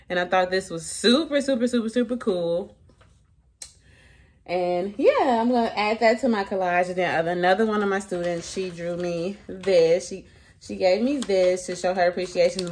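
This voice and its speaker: An elementary school teacher talking casually to her vlog viewers in a chatty, slangy way, laughing often. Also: on the low side.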